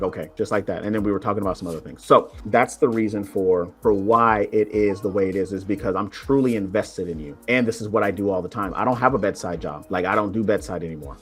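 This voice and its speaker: A man who coaches nurses for their licensing exam, talking in an animated way and acting out the dialogue he quotes. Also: fairly low pitch. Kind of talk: conversational interview.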